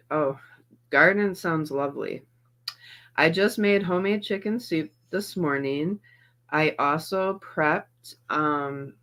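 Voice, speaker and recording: A middle-aged woman hosting a livestream, chatting casually and greeting her viewers by name while in some pain and feeling a little off. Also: deep voice. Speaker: livestream host reacting to videos.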